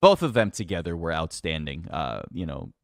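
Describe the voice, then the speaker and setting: A man's voice: deep voice, big pitch swings, moderate pace, dry recording, clean studio sound. A man, a wrestling announcer, tells stories in casual chat with lots of animation, laughter and fillers. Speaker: wrestling announcer, podcast guest.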